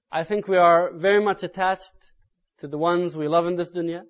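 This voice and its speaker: A man delivering an Islamic sermon in an earnest tone that builds to loud, urgent emphasis. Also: fairly high pitch, dull audio. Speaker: Islamic preacher.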